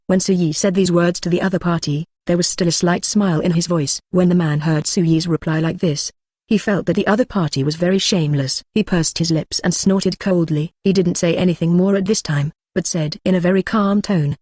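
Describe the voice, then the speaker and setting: A text-to-speech narrator reading a translated web novel at an even, mid-pitched level. The sound is dry and close, with no room around it. The delivery stays flat throughout. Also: a little fast, no room sound. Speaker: audiobook narrator.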